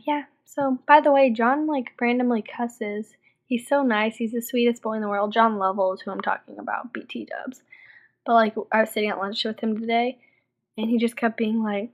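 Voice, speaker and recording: A young woman from Texas telling stories animatedly in a casual video diary, saying "like" often. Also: a little high. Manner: animated storytelling, heavy use of "like". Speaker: vlogger.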